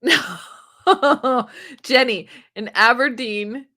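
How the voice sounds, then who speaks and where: A woman's voice: on the high side, expressive, takes it slowly, bright, forceful tone. A woman hosting a casual live stream, reading viewers' comments aloud and chatting with them, laughing often. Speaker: booktube live-stream host.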